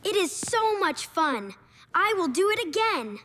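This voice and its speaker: A woman doing a cheeky high-voiced cartoon boy. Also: very animated, measured pace, bright, forceful tone, a little hiss or hum, heavily acted. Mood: teasing. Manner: teasing, then choking and pleading. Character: cheeky playful young boy. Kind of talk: slow cartoon story. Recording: reverberant room.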